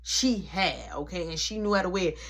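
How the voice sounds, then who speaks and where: A woman telling a long personal story in a casual, animated way, full of slang and punchy sound words. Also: fairly low pitch, fairly quick.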